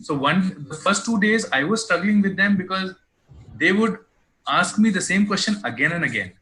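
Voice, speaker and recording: Lively, high-voiced male director. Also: moderate pace, slight background noise, poor audio. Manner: lively anecdote teller. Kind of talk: casual chat on a live stream.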